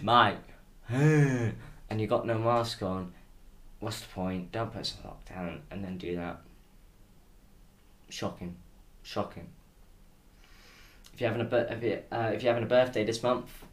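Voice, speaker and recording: A British man hosting a solo podcast, ranting with sarcasm and frequent swearing. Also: lowish voice. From United Kingdom. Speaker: podcast host. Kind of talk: casual solo podcast rant.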